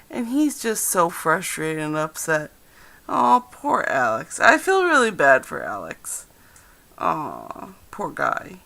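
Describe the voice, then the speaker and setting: A woman's voice: lowish voice, gravelly, pushed and bright, low-quality recording. A woman hosting a live-streamed tarot reading, chatting directly to viewers and to her cards. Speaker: tarot reader and stream host.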